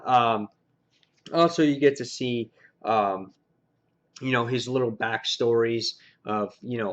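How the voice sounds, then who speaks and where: A man giving a casual, slangy spoken review of a comic book, excitable and quick to act out his own reactions. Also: mid-range voice. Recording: dull lo-fi recording.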